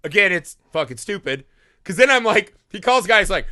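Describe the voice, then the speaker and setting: A man with a high, bright voice talks through a movie on a podcast, bouncing between jokes and mock voices of the characters. He swears freely and keeps the chat loose. The sound is close and dry. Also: very animated, moderate pace, no room sound. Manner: riffing, acts out movie scenes in silly voices; swears often. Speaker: podcast co-host. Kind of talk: casual movie review chat.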